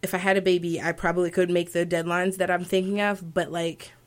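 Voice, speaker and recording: Aspiring opera singer, woman in her 20s, lowish voice, rambling and reflective in interview. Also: level tone, brisk. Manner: thoughtful, rambling with fillers and self-corrections. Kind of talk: casual interview answers.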